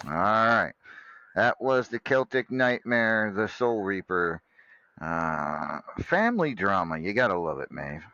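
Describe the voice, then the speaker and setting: Lively, bright-voiced male host. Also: fairly low pitch, slow, creaky, dry recording, muffled recording. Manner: lively, stammering, joking. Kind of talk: casual show hosting.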